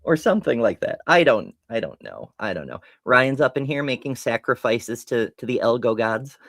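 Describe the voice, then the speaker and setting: A woman's voice: very deep voice, sing-song, normal speed, dry recording, clean studio sound. A woman hosting a casual live stream, telling a story in a rambling way, often breaking off mid-sentence and laughing.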